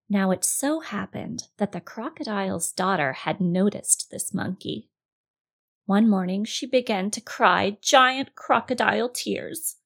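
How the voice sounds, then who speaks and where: Expressive woman reading a children's story. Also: a little high, gravelly. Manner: expressive, addresses the young listener directly. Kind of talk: storybook narration.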